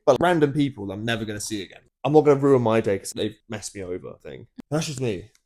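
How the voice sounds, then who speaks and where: A young man chats easily with his partner on a podcast, often laughing at his own stories. His voice sits in a middle pitch. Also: fast, darkish tone. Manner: easygoing, laughs at himself. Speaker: podcast guest, host's partner. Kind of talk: casual chat.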